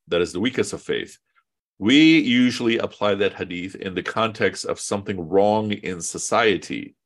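A man teaching an online Quran class in a casual, conversational way, quizzing students and using fillers. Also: lowish voice. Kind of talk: casual online religious lesson.

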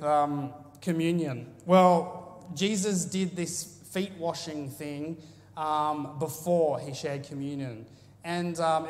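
A man giving a sermon, moving between scripture reading and a relaxed, conversational explanation full of ums and asides. His voice sits a little high for a man. The sound carries a long reverb, as if in a large hall. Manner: casual and chatty, with fillers and asides. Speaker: preacher.

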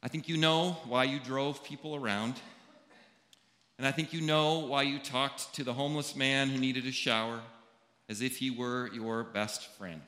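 A man, a pastor, giving a funeral sermon in a slow, deliberate delivery with long pauses. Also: medium pitch, fairly even intonation, bright, forceful tone. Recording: echoey hall with long reverb.

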